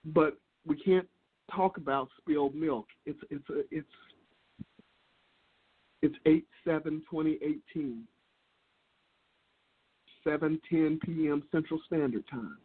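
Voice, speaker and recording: Earnest, laid-back male guest with a husky tone, heard over a thin phone line. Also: fairly high pitch, slow pace, long pauses. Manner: laid-back, earnest, circles back on his words. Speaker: guest speaker. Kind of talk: business call interview.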